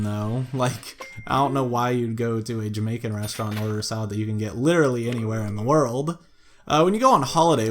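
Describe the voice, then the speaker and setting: A chatty man talks his way through a matchmaking game, reading out profiles and musing about his choices. His voice sits at an ordinary middle pitch, easygoing and amused, now and then jumping up into excited shouts. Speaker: gameplay commentator. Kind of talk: let's play commentary.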